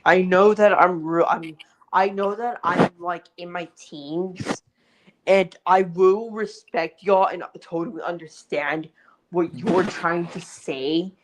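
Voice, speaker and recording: Slow, halting teenage boy on a call. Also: sits high, steady tone, slight background noise. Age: teens. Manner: apologetic, halting. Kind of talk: casual live-stream chat. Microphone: video call.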